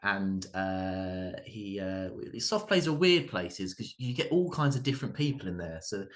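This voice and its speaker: A man, performing a stand-up comedy set in a halting way, with many fillers, restarts and dry asides. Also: sits low, big pitch swings. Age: 30s.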